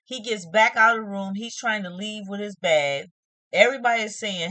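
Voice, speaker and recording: A woman at normal speed, with a sharp tone and medium pitch, gives an emphatic, casual rundown of a reality show. She scolds the people in it and acts out their quotes, and the recording is dry.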